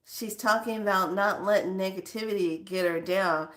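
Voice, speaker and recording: A woman's voice: mid-range voice, normal speed. A woman vlogger chatting casually with her viewers, laughing often and swearing for emphasis. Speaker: spiritual vlogger.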